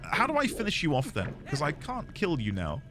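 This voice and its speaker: A man's voice: fairly high pitch, huge pitch swings, fairly quick, over music. Chatty British man streaming a game. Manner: chatty, self-amused, rambling explanations. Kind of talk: casual gameplay chat.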